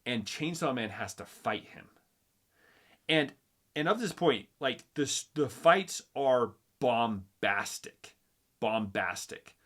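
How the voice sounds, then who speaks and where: Excitable man retelling a story. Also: medium pitch, unhurried, husky. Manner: animated retelling, acts out quotes, many restarts. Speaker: host. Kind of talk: casual chat.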